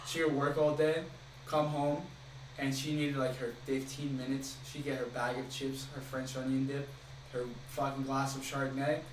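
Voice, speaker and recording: A young man hosts a loose podcast chat, easygoing and quick with follow-up questions, swearing casually. He sits away from the mic, so he sounds distant in an echoey room. Clear background noise runs under his voice. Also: medium pitch. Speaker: podcast host.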